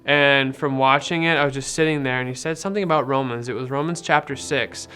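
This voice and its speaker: Young man, bright tone, casual faith testimony, rambling, lots of fillers, faint guitar in the background. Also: medium pitch, fairly quick. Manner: rambling and conversational, many fillers and retold dialogue. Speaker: person sharing a faith testimony.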